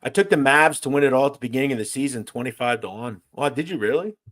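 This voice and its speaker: Fast-talking and animated, a man with a mid-range voice runs a relaxed livestream where he reads out viewer comments and cracks jokes. His manner is loose, swinging between loud bits and mumbled asides.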